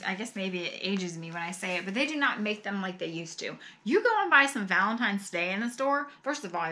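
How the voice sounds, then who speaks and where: A middle-aged woman chatting casually as she opens fan mail at home, gushing and exclaiming, with soft sighs and laughs. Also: mid-range voice. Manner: often sighs and laughs softly. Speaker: vlogger opening fan mail. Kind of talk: casual chat.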